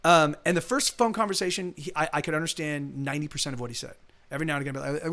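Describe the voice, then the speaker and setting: A man's voice: a little high, rapid-fire, fairly bright tone. A man from the United States telling a story casually on a live stream, rambling with many restarts and fillers. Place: home streaming setup.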